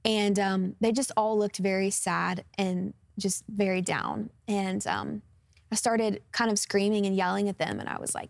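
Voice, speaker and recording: A woman's voice: mid-range voice, steady tone, measured pace, vocal fry, no echo, studio quality. A woman of about twenty, a guest singer sharing her personal testimony in an interview, speaking earnestly and openly with many fillers. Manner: earnest and open, with frequent fillers like "um" and "like".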